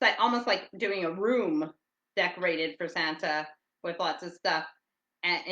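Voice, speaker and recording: Loud, bright-voiced rambling woman. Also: lowish voice, echoey room, highs cut off. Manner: rambling, chatty, reading out listener comments; talks loudly. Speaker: podcast host. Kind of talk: casual rambling chat. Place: at home in England.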